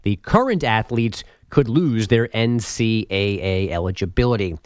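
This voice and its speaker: A man reading sports headlines as a radio host, brisk and joking. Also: on the low side, animated, darkish tone, no echo, clean studio sound. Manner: brisk, joking newsreader delivery. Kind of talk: sports headlines read with banter.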